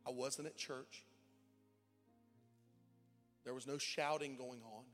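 A young adult man preaching a sermon in a church, tearful and emotional, dropping to near whispers and rising to shouted cries. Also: mid-range voice, steady tone, takes it slowly, pauses often. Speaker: pastor. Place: church sanctuary. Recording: long hall reverb with faint music.

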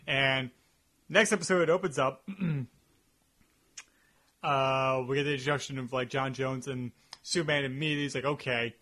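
A man's voice: medium pitch, steady tone, normal speed, pauses often, sharp tone. A man co-hosting a casual review podcast, talking in long rambling stretches full of "like" fillers. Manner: rambling, heavy use of "like" fillers. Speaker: podcast co-host.

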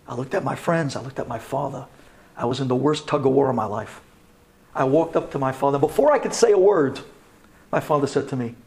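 A middle-aged man, a rabbi, telling a personal story in a sermon, swinging dramatically between hushed and loud. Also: a little high.

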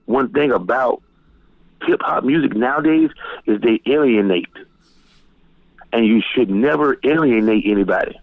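A middle-aged man from Florida, telling stories as a guest DJ in a loose, profane, animated way. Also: moderate pace, long pauses, no room sound. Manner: animated, profane, jumps high when quoting people. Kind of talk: casual storytelling interview. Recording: tinny phone-line sound, dry.

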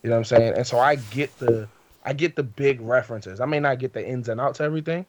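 A man's voice: mid-range voice, fast talker. A man co-hosting a podcast in casual banter, laid-back and rambling, often asking "you know what I'm saying". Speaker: podcast co-host.

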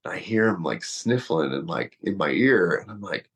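A man's voice: deep voice, sing-song, normal speed. A man in his thirties, a former wrestler and fighter, telling a long story casually with many fillers. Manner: rambling, lots of fillers, laughs through story.

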